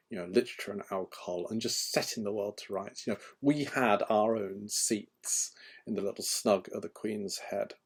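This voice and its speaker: A man's voice: on the low side, breathy edge. A man, an author, chatting casually and rambling with frequent ums and restarts. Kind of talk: casual chat.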